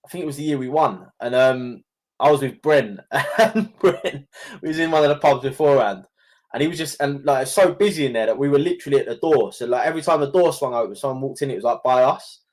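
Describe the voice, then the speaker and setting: A young man runs a relaxed podcast chat. He talks in a loose, chatty way, swearing and breaking into laughs, and his voice sits at a middling pitch. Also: quick pace. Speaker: podcast host. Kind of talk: casual chat.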